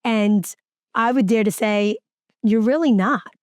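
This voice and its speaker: A woman's voice: mid-range voice, unhurried, a little mellow, dry recording. A woman hosting a podcast, speaking in a casual chat, making her points emphatically and building her argument step by step. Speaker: podcast host.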